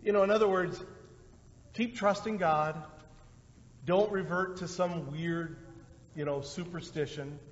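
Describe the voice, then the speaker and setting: A male pastor preaching a sermon in a conversational way, with lively bursts when he acts out quotes. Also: high voice, unhurried, pauses often. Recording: dull lo-fi sound with long hall reverb.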